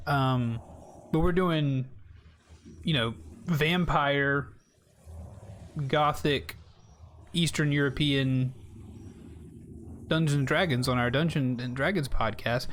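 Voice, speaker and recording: A man's voice: medium pitch, takes it slowly, pauses often, a bit bright, a little hiss or hum. A young man from South Carolina, chatting in a rambling way to his viewers while playing a game on a live stream. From South Carolina, United States.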